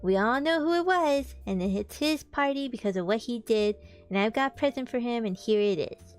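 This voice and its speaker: A woman's voice: a little high, animated, moderate pace, soft background music, close to an everyday voice. A woman voicing an earnest young boy making a formal little speech in a storybook reading.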